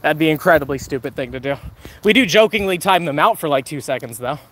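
A man's voice: on the high side, expressive, fast, fairly bright tone. A man live-streaming a mobile game outdoors, chatting casually with viewers, joking and thanking donors.

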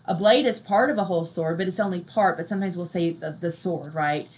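A woman's voice: on the low side, poor audio. Woman lecturer, chatty and conversational. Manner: conversational, often adds "right?" as a check; reads poems aloud slowly and softly. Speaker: literature lecturer. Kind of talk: recorded university lecture.

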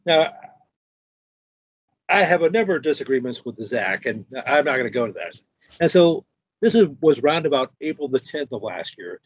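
A man's voice: medium pitch, sing-song, moderate pace, long pauses, husky, lo-fi sound. A man hosting a stream, chatting casually and retelling a story with other people's words. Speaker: stream host. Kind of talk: casual conversation.

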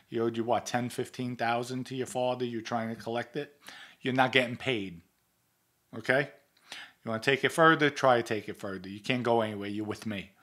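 A man's voice: mid-range voice, a bit bright. A middle-aged man, storytelling in a blunt, profane, streetwise way. He acts out old arguments, taking both parts himself. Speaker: guest telling stories. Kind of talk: casual storytelling.

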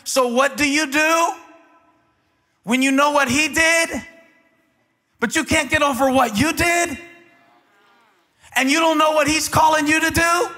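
A man preaching a sermon as pastor, building from quiet talk to impassioned shouting. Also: extremely high pitch, measured pace, pauses often. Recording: large hall with long reverb.

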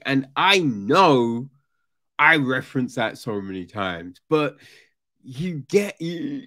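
A man on a podcast, casually ranting about a book, swearing a lot and mocking the characters. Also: mid-range voice. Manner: animated, profane, mocking voices of characters. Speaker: podcast host. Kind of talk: casual book review rant.

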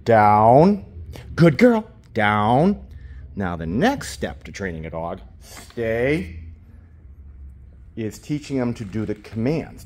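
A man explaining dog training in a casual lesson, talking into a camera he holds himself. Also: husky. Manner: switches between calm explanation and high-pitched baby talk praising the dog. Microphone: handheld camera.

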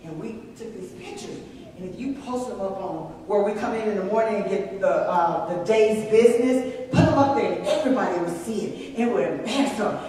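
A woman church elder with a Texan accent preaching a sermon and telling a personal story, with lively calls to the congregation. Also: mid-range voice, normal speed, a little hiss or hum. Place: church sanctuary. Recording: echoey church hall from far off.

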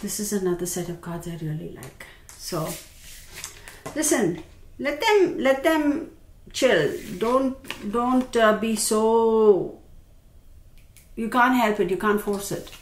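A woman gives a casual tarot reading and talks straight to her viewers in a chatty, expressive way. Her voice sits at an ordinary middle pitch. The recording sounds roomy, with a faint hiss behind her. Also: unhurried. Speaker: tarot reader. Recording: roomy with faint background noise.

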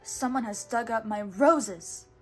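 A woman reading aloud from a storybook, voicing a gruff, hot-tempered male beast with loud, commanding lines. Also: fairly high pitch, slow, soft background music. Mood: angry.

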